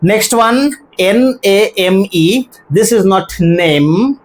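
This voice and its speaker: An English teacher giving a grammar and pronunciation lesson, speaking deliberately and spelling words out letter by letter. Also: mid-range voice, rough recording.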